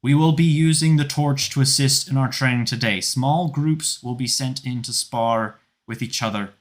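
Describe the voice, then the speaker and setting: Guy doing a loud stern lady commander, higher pitched, bossing the troops around. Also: normal speed, close to an everyday voice. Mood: commanding. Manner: barking loud orders. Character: stern commanding woman military leader.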